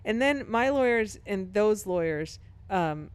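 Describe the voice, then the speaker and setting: Middle-aged woman, podcast co-host, smooth mid-pitched voice, quick anecdotal delivery with laughs. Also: animated. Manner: brisk anecdotal telling, laughs while talking. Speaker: professor and author. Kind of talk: casual chat, storytelling.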